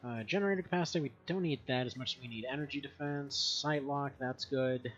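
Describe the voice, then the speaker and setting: A man's voice: medium pitch, fairly quick, lo-fi sound, soft background music. A man in his thirties giving rambling, casual gameplay commentary from home, chatting and laughing often. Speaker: gaming streamer.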